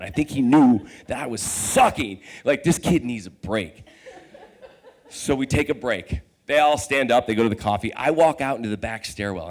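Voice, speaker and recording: A man tells a true story from his own life to a live audience. His voice sits a little higher than most men's. He is animated and profane, laughs as he goes, and acts out his own panicked thoughts.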